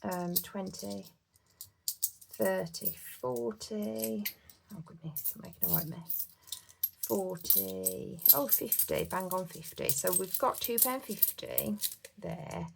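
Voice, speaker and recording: A UK budgeting vlogger chats casually to camera about her budget at home, her voice medium in pitch, slow and marked by vocal fry, with background noise behind her. She sounds heartfelt and uses lots of fillers.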